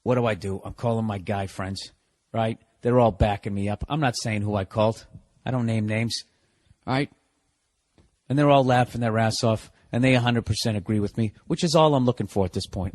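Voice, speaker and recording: A man hosting a comedy podcast, delivering a casual monologue of profane, exasperated ranting. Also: fairly low pitch.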